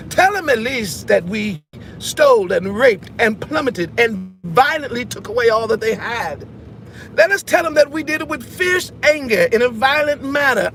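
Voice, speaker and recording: A man's voice: very high voice, a bit bright, slight background noise, heavily acted. A man voicing a pompous, wealthy descendant of colonizers who speaks grandly and gloats about his brutal ancestors.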